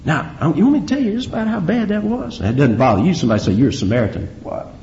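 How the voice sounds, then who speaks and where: A man preaching a verse-by-verse sermon as pastor, emphatic and animated, with rhetorical questions to his listeners. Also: sits high, racing, slight background noise. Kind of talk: expository sermon. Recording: dull lo-fi recording.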